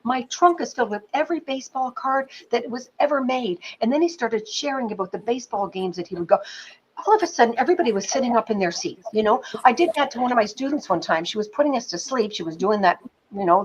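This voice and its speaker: A middle-aged woman, a film producer, tells stories from her teaching in an interview. She talks in an animated, chatty way, peppering her speech with fillers and the odd curse. Her voice sits at an ordinary pitch, with a faint hiss underneath. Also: fast, muffled recording. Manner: animated storyteller, many fillers like "you know", occasional swearing. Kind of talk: conversational interview anecdotes.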